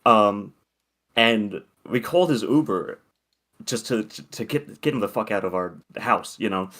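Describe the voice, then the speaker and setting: A man's voice: on the low side, animated, a little slow, fairly bright tone. A young man co-hosting a podcast, telling a long story in a rambling, profane, casual way. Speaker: podcast co-host.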